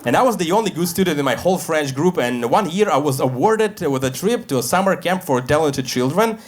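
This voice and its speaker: A man in his thirties from Russia, speaking English, doing a dry stand-up set on a comedy club stage with pauses full of "uh". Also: on the high side, lively intonation.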